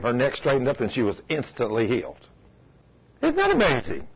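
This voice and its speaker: A man's voice: mid-range voice, sing-song, a little fast, slightly rough, highs cut off. A man preaching a sermon, telling a folksy story and asking the congregation rhetorical questions. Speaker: pastor. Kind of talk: sermon with anecdote.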